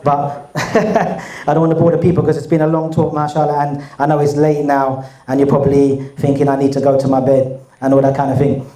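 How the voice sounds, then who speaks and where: An English guest speaker with a cold tells a chatty, rambling story to an audience in casual fashion, raising his pitch to act out other people's dialogue. His delivery is completely flat, brisk and mellow, and the sound is reverberant.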